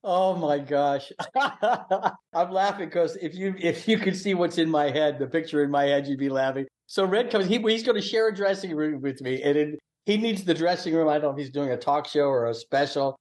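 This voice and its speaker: Lively older man telling stories. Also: a little high, moderate pace. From Southern US (Mississippi, born in Louisiana). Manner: laughs often, excitable, lively anecdotes. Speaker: guest, actor. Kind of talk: animated storytelling in a podcast interview.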